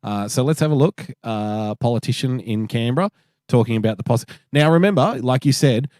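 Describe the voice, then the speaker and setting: A man's voice: medium pitch, expressive, a little fast, darkish tone, no echo, studio quality. A man with an Australian accent hosting a podcast, telling rambling, profane anecdotes in a casual chat. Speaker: podcast co-host.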